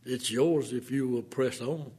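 A man preaching a sermon, fervent and dramatic, swinging between hushed tones and impassioned appeals. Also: mid-range voice, a little slow, breathy edge.

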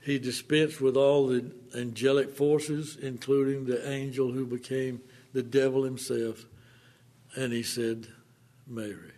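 A man preaching a sermon, fervent and dramatic, swinging between hushed tones and impassioned appeals. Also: medium pitch, flat delivery, a little slow.

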